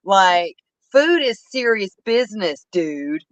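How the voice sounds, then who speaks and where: A co-host chats over a remote call in a relaxed, unhurried way. The voice moves up and down with some life. It sounds dull and lo-fi but dry. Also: medium pitch, dry recording. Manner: laid-back, drawn-out storytelling. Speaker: podcast co-host. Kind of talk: casual chat.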